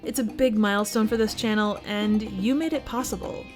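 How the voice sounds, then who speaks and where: A woman's voice: mid-range voice, fairly even intonation, moderate pace, soft background music. A woman hosting a movie review channel, reading a scripted review with wry, playful asides.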